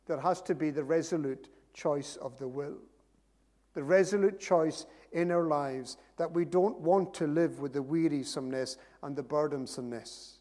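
A man delivers an earnest sermon, driving points home through emphatic repetition. His voice sits fairly high for a man. The sound carries a long reverb from a church hall. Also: normal speed, dark tone. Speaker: preacher.

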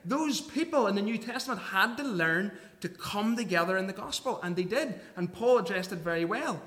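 Man preaching, high voice, earnest and emphatic, long reverb of a church hall. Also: animated, moderate pace, fairly bright tone. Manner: earnest, emphatic, reads scripture aloud. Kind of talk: sermon.

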